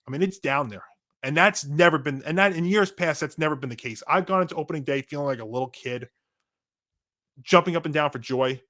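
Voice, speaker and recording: Man, sports podcast co-host, fairly high voice, hoarse, animated rant, casual. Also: brisk. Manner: animated ranting, frequent restarts. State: losing his voice.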